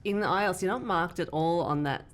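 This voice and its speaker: A woman with a low-pitched voice co-hosting a casual conversation. She explains points patiently and thoughtfully, in the manner of an experienced teacher. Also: normal speed. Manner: explanatory, thoughtful, with light laughs. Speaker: podcast co-host, English teacher. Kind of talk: casual discussion.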